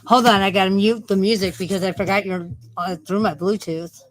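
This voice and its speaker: Brief: woman streamer, mid-pitched, swears constantly, loose scattered chat. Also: steady tone, fairly quick, soft background music, low-quality recording. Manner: profane, rambling, easily distracted. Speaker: livestream host. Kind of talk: casual livestream chat.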